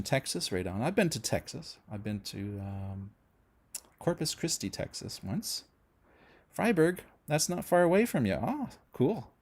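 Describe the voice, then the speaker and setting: A man's voice: fairly low pitch, a little mellow. A middle-aged Canadian man hosting a casual music-channel livestream, chatting with viewers and rambling through their comments with lots of fillers and restarts.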